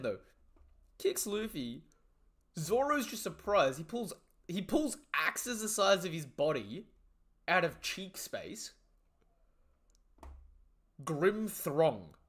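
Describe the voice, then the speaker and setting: A young man giving casual live reaction commentary, excitable and slangy, swearing freely and trailing off into low asides.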